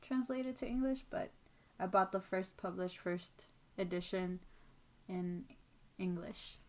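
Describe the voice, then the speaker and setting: A woman co-hosting a casual podcast chat, talking in a chatty way that gets animated when she rants and laughing often. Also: lowish voice, slow pace. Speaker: podcast co-host.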